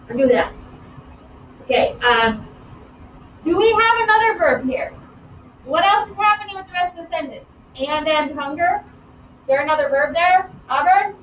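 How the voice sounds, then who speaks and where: A woman teaching grammar in a live online class, lively and playful, calling on students by name. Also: sits high, slight background noise. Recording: roomy, distant, dull sound.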